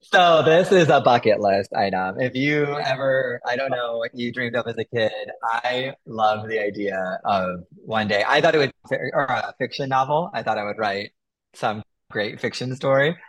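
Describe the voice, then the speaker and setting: A man's voice: mid-range voice, moderate pace. A man being interviewed about writing his first book, telling the story with frequent laughter. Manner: laughs often, animated storytelling. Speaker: author guest. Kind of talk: casual interview conversation.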